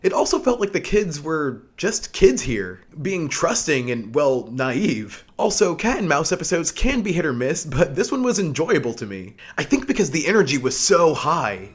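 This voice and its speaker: A man narrates a casual episode review in a husky, slightly high voice. His pitch swings around animatedly, and he slips in wry, joking asides. Faint music plays quietly beneath him. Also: very animated, normal speed, hardly any pauses. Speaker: anime reviewer.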